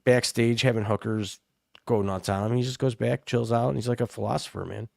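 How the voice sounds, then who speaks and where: A middle-aged man tells loud, profane stories in casual talk, playing every part in his tales himself. His voice is gravelly, and the recording sounds close and dry. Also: medium pitch, steady tone, brisk, no echo. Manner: rowdy storyteller, swears freely, acts out quotes. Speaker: podcast co-host. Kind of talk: casual chat.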